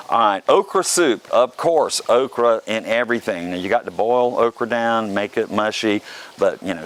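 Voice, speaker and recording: A man from the South Carolina coast, chatting casually and joking as a video host, with a faint hum behind him. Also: fairly low pitch. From South Carolina Lowcountry. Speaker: vlog host. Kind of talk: casual talk to camera. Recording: faint background noise.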